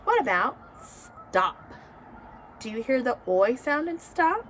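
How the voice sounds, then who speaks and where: A woman teacher giving a slow, encouraging phonics lesson to young children. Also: high voice, big pitch swings, a bit bright, a little hiss or hum. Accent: American. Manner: slow, encouraging, sing-song teacher talk.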